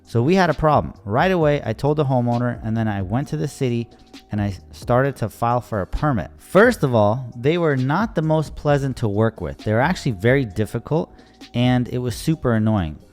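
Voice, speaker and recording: A young man narrates a job story in casual voice-over, sounding fed up with the delays. His voice sits at an ordinary middle pitch. Soft music plays faintly underneath. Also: expressive, a little fast. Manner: casual and exasperated, acts out quoted dialogue. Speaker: landscaping contractor.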